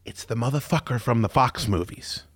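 A man hosting a podcast in casual chat, excitable and profane, often breaking into loud shouting. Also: medium pitch, moderate pace, breathy edge. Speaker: podcast host.

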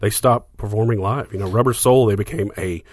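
A lower-pitched man talks through band history in a loose, chatty way, full of fillers and restarts. The sound is dry and close, with no room around it. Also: a little fast, no echo. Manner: explanatory, filler-heavy, restarts. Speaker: podcast co-host. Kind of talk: casual music discussion.

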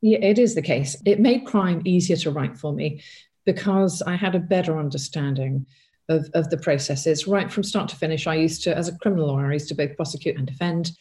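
A woman's voice: sits low, brisk, mellow. A middle-aged woman, a crime author, answering interview questions in a thoughtful way with many restarts and asides.

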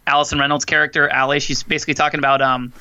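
A man co-hosting a podcast in casual chat, talking in an animated way with frequent fillers. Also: a little high, rapid-fire, dull audio. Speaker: podcast co-host.

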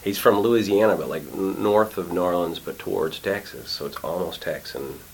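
A middle-aged man, an actor and acting teacher, chatting in an interview, animated and full of restarts as he acts out quotes. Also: low-pitched, normal speed, gravelly, husky, rough recording. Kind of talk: casual interview conversation. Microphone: studio mic.

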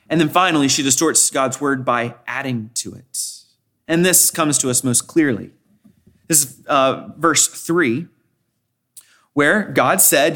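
High-voiced male pastor preaching. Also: pushed and bright. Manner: expository, repeats phrases for emphasis; quotes scripture often, frequent restarts. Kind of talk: sermon.

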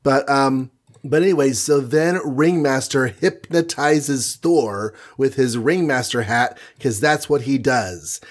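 A man in easygoing conversation, recapping a comic issue with playful energy. He tosses in quick goofy voices for the characters as he goes. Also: mid-range voice. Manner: playful, retells scenes with quick mock voices. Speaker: podcast co-host recapping comics. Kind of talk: casual chat.

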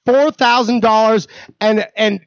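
A man's voice: sits high, fairly even intonation, measured pace, dull audio. A man joining a comedic podcast in casual chat, joking, swearing and rambling. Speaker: podcast guest.

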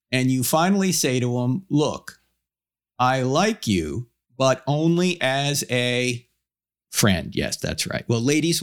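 A man giving a public talk on Christian theology, animated, shifting his pace and pitch for emphasis and telling stories with humor. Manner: storytelling with humor. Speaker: Christian apologist speaker.

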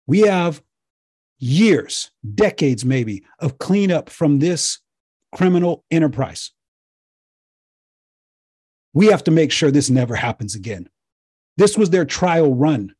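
A man giving an impassioned lecture-style talk to viewers, emphatic and repetitive, his voice getting hoarse. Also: a little high, sing-song, unhurried, long pauses, darkish tone, no room sound, clean studio sound. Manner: emphatic, preachy, repeats himself. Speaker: speaker addressing viewers.

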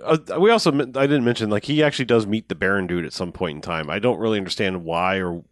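Man, podcast co-host, rambling casual chat, lowish voice, dry close sound. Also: fast, no room sound. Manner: rambling, animated, mimics characters. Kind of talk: casual movie recap chat.

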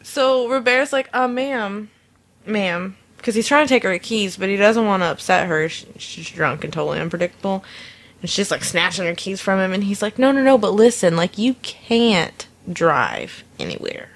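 A woman's voice: medium pitch, moderate pace. A woman casually telling a funny story about something that happened at work, acting out the people in it and laughing often. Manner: animated, acts out quoted voices, laughs often. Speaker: storyteller recounting a work incident. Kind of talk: casual anecdote.

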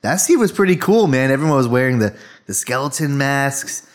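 A man's voice: medium pitch, animated, fairly quick. Rambling laid-back male co-host. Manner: loose, rambling, full of "like". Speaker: podcast co-host. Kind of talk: casual chat.

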